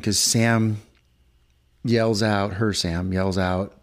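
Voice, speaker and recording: Rambling podcast man, deepish voice. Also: fairly even intonation, unhurried, pauses often. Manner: rambling storyteller, acts out quoted voices. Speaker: podcast co-host. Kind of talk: casual chat.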